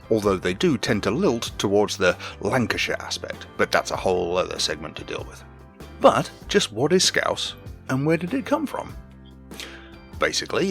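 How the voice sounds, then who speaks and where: Low british guy reading his podcast bit, dry jokes, voice swings up and down, faint music under. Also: fairly bright tone. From Britain. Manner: dry, wry asides. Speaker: podcast co-host. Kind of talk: scripted segment read-out.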